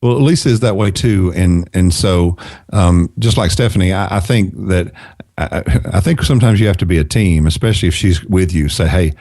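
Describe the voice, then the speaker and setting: Man, podcast guest, very low pitch, mellow dark tone, earnest, repeats for emphasis. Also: normal speed, no echo, clean studio sound. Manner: earnest advice-giving, repeats himself for emphasis. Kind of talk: casual podcast conversation.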